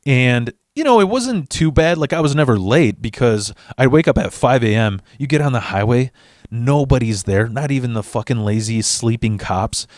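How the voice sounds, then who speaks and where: A man's voice: mid-range voice, moderate pace, dry recording, clean studio sound. Cursing man telling a rambling story. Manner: rambling, profane, animated. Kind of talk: comedic personal storytelling.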